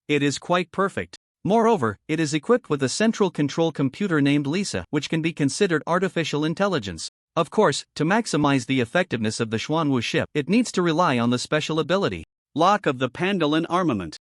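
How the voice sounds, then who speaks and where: A man narrating a fantasy story recap in a steady scripted read, voicing the characters' quoted lines. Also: a little high, no echo, clean studio sound.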